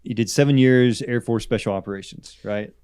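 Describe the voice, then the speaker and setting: A man hosting a podcast, a veteran, asking questions in a relaxed, conversational way. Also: mid-range voice, a little fast, smooth, dry recording, studio quality. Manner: relaxed, conversational, frequent fillers. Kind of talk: casual interview chat.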